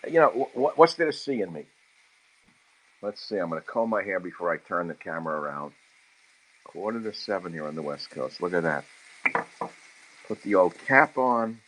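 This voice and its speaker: A low-pitched, forceful man cooks in his home kitchen and talks into a handheld phone as he goes. Between cooking remarks he slides into crude, heated rants. A pan sizzles faintly behind him. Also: sing-song, moderate pace, long pauses, slight background noise, rough recording. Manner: ranting, crude, heated asides while cooking. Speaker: host cooking on a livestream. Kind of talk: casual cooking livestream talk. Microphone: handheld phone camera. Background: sizzling frying pan.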